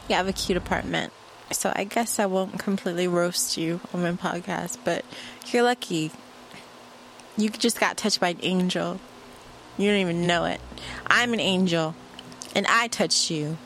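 A woman's voice: mid-range voice, fairly bright tone, slight background noise. A woman hosting her own podcast, ranting in a brash, profane, rambling way, straight to the listener. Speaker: podcast host. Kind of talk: casual solo podcast rant.

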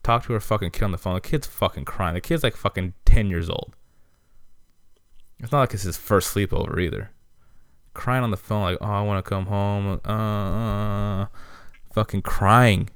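A man's voice: lowish voice, normal speed, fairly bright tone, dry recording, clean studio sound. A man telling a rambling, heavily profane story in a casual podcast monologue, irritated and blunt. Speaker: podcast host.

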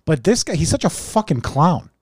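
A male podcast co-host in loose, profane chat, animated and often tripping over his own restarts. His voice sits a bit high and swings widely in pitch. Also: normal speed, husky, no room sound, studio quality. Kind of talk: casual chat.

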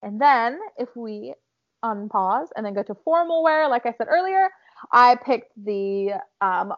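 A woman's voice: on the high side, expressive, a little slow, muffled recording. A woman with a Southern American accent, co-hosting a podcast in casual chat, talking in a chatty way with lots of fillers. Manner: chatty, lots of "like" and self-talk. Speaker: podcast co-host.

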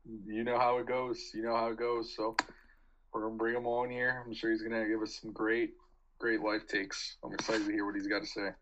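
A man's voice: lowish voice, flat delivery, fairly quick, lo-fi sound, background noise. A man hosting a casual podcast, laid-back and laughing along with his co-host.

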